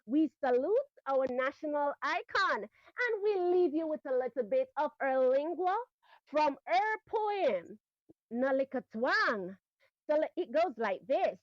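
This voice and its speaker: Jamaican woman, radio co-host, high bright voice, upbeat news read, dry dull lo-fi sound. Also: no room sound. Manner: upbeat, polished broadcast delivery. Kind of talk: entertainment news segment.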